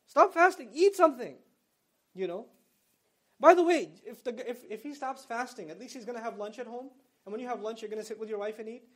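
A man giving an Islamic lecture to college students, conversational and explaining terms in plain everyday words, with emphatic storytelling. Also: very high-pitched.

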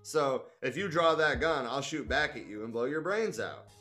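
A man voicing a defiant young male activist leader, speaking forcefully and confrontationally. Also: mid-range voice, lively intonation, normal speed, faint music behind.

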